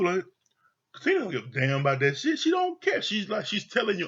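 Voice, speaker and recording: A man with a slightly high, husky voice rants through a reality TV review, swearing freely and hammering each point home. He sounds fed up and emphatic, and the recording comes across dull and lo-fi. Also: big pitch swings, fast talker, a bit bright. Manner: profane, exasperated, emphatic repetition. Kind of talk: heated review rant.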